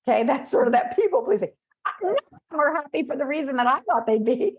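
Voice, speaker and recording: Woman podcast guest, slightly high voice, animated storyteller, loose conversational delivery. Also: normal speed. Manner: animated storytelling, acts out voices, many fillers.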